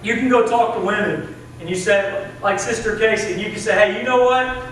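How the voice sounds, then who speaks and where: A man's voice: high voice, fairly quick, fairly bright tone. A young man with a Southern US accent, preaching a sermon as assistant pastor in an earnest, conversational way. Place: church sanctuary. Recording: echoey church from a distance, faint hiss.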